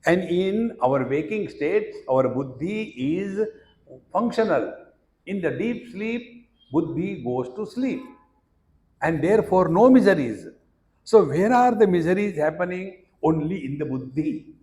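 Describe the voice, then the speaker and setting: In a roomy-sounding recording, a man with an Indian English accent speaks in a high, sing-song, slightly mellow voice, taking his time. As a spiritual teacher discussing scripture, he chants Sanskrit verses and performs the dialogue in his stories.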